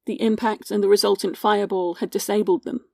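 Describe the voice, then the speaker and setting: A woman hosting a podcast, giving scripted history narration in a measured, sombre storytelling manner and reading out witness accounts. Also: mid-range voice, fairly even intonation, vocal fry, dry recording, studio quality. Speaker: podcast host.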